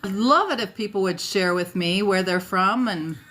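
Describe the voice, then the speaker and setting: A woman's voice: mid-range voice, normal speed, a bit bright. A woman from South Dakota hosting a casual livestream, greeting viewers by name and chatting with fillers and asides, a bit tired at the end of the day. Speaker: livestream host. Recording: faint music behind.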